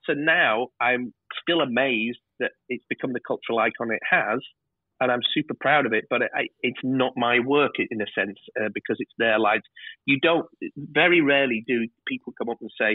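Husky man on a tinny line. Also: medium pitch, fairly quick, dry recording. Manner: animated storyteller, swears freely. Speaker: TV director, guest. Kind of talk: casual interview chat.

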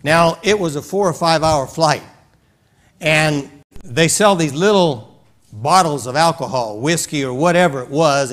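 A man's voice: fairly high pitch, fairly bright tone. A man preaching a sermon in a church, telling a story in a folksy way and acting out its scenes. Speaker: pastor.

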